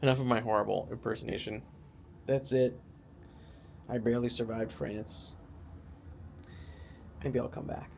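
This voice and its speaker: A man's voice: mid-range voice, steady tone, unhurried, gravelly, pauses often, darkish tone, a little hiss or hum. A man talking casually to the camera from a hotel room, rambling and poking fun at himself, with lots of filler words. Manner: rambling, self-mocking, full of "like" fillers. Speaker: travel vlogger.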